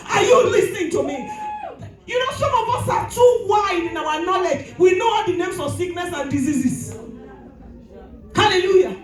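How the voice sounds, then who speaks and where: High-voiced preaching woman in an echoey hall. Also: animated, normal speed, soft background music. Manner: shouting, preaching with rising fervor. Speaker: pastor. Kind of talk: sermon.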